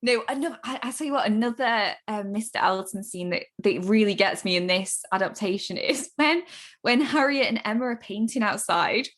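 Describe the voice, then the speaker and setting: A woman chatting as a podcast guest, animated and laughing as she retells scenes. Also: mid-range voice, normal speed. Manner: animated, laughing, acts out quoted lines. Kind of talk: casual chat.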